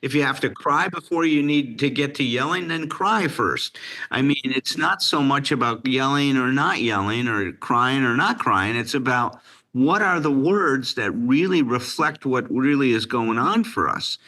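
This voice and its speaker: A man's voice: mid-range voice, animated, unhurried, pushed and bright. A man co-hosting a recovery talk show, earnest and blunt, swearing now and then. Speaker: podcast co-host.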